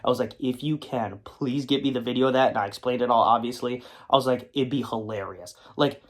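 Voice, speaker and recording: A young man spins a casual, rambling story from his car, leaning on fillers and restarts. He acts out the other people's lines as he goes. His voice sits at an everyday middle pitch. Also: brisk. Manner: rambling, animated anecdote with many fillers. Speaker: comic collector and video creator. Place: his car, in a parking lot.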